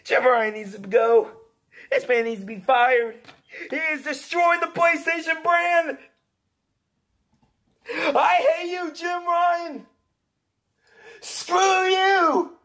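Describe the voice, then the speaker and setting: A whiny, melodramatic console fanboy, played by a man, who rants and wails in shouting fits. The voice sits high and strained, and the words drag out slowly. He sounds close to sobbing. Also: fairly even intonation, heavily acted. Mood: bitter ranting. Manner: ranting, wailing, sobbing shouts.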